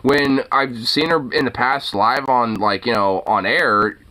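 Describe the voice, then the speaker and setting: A man's voice: medium pitch, a little slow, sharp tone. A man hosting a casual talk show, ranting in a profane, rambling way full of fillers. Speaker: host. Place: lives in Portland.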